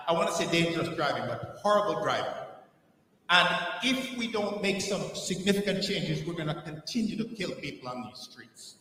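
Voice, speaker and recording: A man's voice: fairly high pitch, sharp tone, slight background noise. An older man asking an earnest, emphatic question from the floor of a conference, restarting phrases as he goes. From Caribbean island. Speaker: audience questioner. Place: conference hall. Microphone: floor microphone. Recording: echoey hall from far off.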